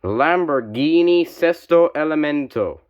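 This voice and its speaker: Slow, smooth-voiced man calling car jousts. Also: on the high side. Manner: calm, measured calls with sudden excited spikes on big hits. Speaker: commentator. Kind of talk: play-by-play commentary of a toy car joust.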